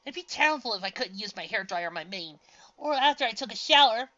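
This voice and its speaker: A woman voicing a whiny, excitable young pony mare in a storybook reading. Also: fairly high pitch, fast talker, highs cut off, voice pushed up. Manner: whining, excitable.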